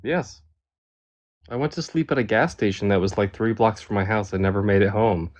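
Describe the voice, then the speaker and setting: A man calling into a live stream, chatting in a relaxed and friendly way and laughing easily. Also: fairly low pitch, moderate pace. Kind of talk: casual chat.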